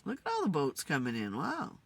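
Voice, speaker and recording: A woman host talking to spirits in a casual, musing way, tired and low on energy. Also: huge pitch swings, a little fast, creaky, breathy edge. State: tired, yawning. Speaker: spirit communicator and channel host. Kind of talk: casual spirit session monologue. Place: in a car.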